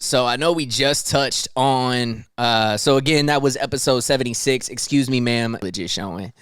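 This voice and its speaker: A man's voice: medium pitch, normal speed, a bit bright, clear, resonant tone, no room sound, clean studio sound. A young man hosting a podcast, ranting about the news in heated, slangy, profane casual talk. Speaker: podcast host. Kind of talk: casual news commentary rant.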